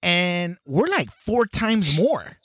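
A man's voice: high voice, sing-song, slow pace, a bit bright, dry recording, clean studio sound. A man co-hosting a podcast, chatting casually with many hesitations and restarts. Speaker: podcast co-host. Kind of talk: casual chat.

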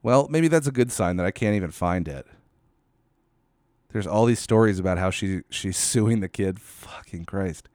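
A man's voice: on the low side, expressive, moderate pace, darkish tone, no room sound, studio quality. A man giving a solo commentary rant, profane, sardonic and incredulous.

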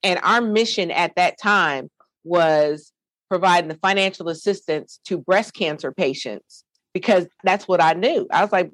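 A middle-aged woman, the founder of a nonprofit, tells her own story to a panel in an animated, preacherly way. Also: fairly low pitch, a little slow, no echo. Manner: animated, lively storyteller, preacherly call-and-response.

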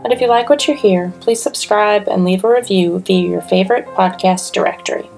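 A woman's voice: mid-range voice, fairly quick, vocal fry, darkish tone, soft background music. A woman podcast host reading a friendly, lightly self-deprecating outro.

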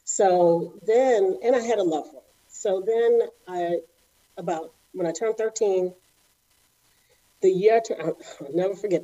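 A former ballerina from Houston, Texas, a middle-aged woman, tells her story as a guest in an interview. She's animated, acting out the voices of the people she quotes. Her voice sits in the mid range, and the recording sounds muffled.

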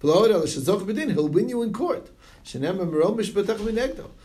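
Animated man teaching a text. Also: sits high, brisk. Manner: reads Hebrew and Aramaic text aloud then explains it in English, animated. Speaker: Talmud study teacher. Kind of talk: Talmud study class, reading and translating.

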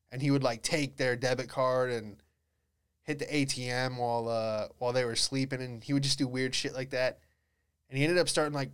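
A man's voice: mid-range voice, a bit bright, smooth. A young man hosting a podcast, telling rambling comedic stories in a laid-back way and acting out voices. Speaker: podcast host. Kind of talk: casual comedic monologue.

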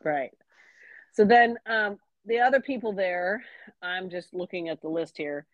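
A young woman co-hosting a book podcast, casually recapping a plot with relaxed fillers. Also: medium pitch, unhurried, no room sound. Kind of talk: casual chat. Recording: slightly dull, lo-fi sound.

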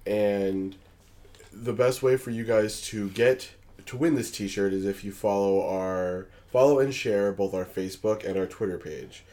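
A man with a somewhat low voice chats casually as a podcast co-host. He jokes easily and fumbles a little, talking in hesitant, rambling stretches. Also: a little slow, mellow. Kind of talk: casual chat.

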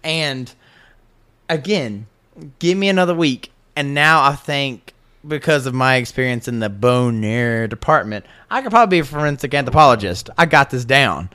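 A man co-hosting a casual podcast chat, telling animated, profane stories. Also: mid-range voice, moderate pace, clean tone. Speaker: podcast co-host.

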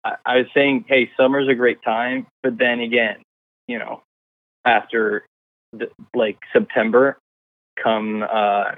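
A man's voice: mid-range voice, little pitch movement, unhurried. A man from the Dominican Republic, a podcast guest, chatting in a laid-back, rambling way over a remote call. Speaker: podcast guest, business owner. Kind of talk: casual chat. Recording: tinny phone-like call audio.

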